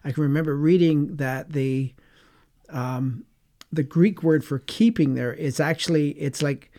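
A man co-hosting a faith webcast speaks at a measured pace in a mellow, fairly high voice. He reflects aloud in a meandering way, circling his thoughts and leaning heavily on "you know" fillers.

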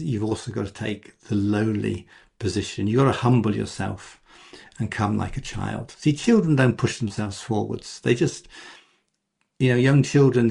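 Gravelly-voiced man preaching conversationally. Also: a little mellow. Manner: conversational, acts out quoted voices with pitch jumps. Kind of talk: sermon.

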